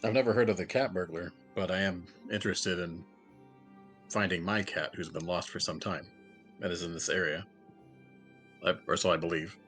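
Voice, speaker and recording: A man voicing a polite adventurer in a tabletop game, searching for his lost cat, speaking in a measured way. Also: low voice, fairly even intonation, fairly bright tone, faint music behind.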